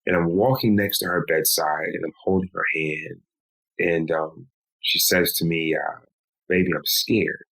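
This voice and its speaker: A man, a podcast guest, recounting a painful personal story in a slow, measured way. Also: low-pitched, steady tone, creaky, a bit bright, rough recording. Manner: slow, measured telling with pleading quoted lines.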